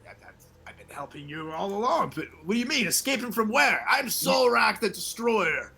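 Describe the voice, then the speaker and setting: A man voicing a brash, loyal male warrior who talks loudly and swears in disbelief. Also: sits high, big pitch swings, moderate pace, vocal fry, a little hiss or hum, full character voice. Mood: confused. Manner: loud, incredulous, swearing.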